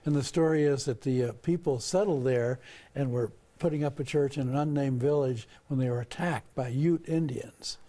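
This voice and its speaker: A man's voice: mid-range voice, moderate pace, warm tone. An older man, a history expert guest on a TV talk show, telling stories in a folksy, joking way.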